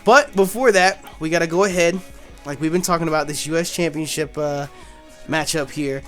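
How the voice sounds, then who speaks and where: High voiced guy hyping up a wrestling game, slangy and repetitive, faint music behind. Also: moderate pace. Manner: animated, slangy, repeats himself, hypes things up. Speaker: gaming channel host. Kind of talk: casual gaming commentary with playful role-play.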